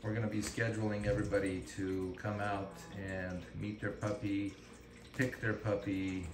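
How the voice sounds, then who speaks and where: A man's voice: lowish voice, flat delivery, moderate pace. A man who breeds dogs, chatting casually on a vlog and talking fondly to puppies, filmed on a handheld camera indoors. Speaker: dog breeder. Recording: noisy home video.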